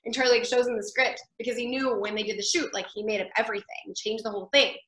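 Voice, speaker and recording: A woman actress telling an anecdote as an interview guest, animated and chatty, laughing often and acting out what others said. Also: a little high, fast, reverberant, low-quality recording.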